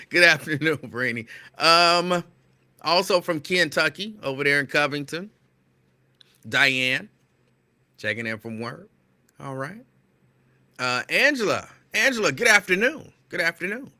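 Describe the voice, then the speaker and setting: Excitable bright-voiced male show host. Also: a little high. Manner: animated, excitable, loud at times; playful, teasing. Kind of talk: casual live-show chat greeting listeners.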